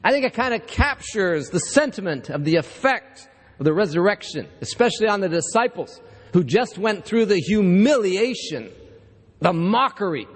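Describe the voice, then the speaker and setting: A man's voice: sits high, husky. A man preaching as pastor, reading scripture and telling a story to the congregation in a conversational way. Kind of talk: sermon with scripture reading and joke. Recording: echoey church hall.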